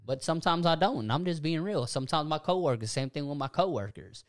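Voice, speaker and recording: A young man talking casually about faith and self-forgiveness on a podcast, animated and preachy, laughing often. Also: on the high side, a little fast, no room sound, clean studio sound. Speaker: podcast co-host.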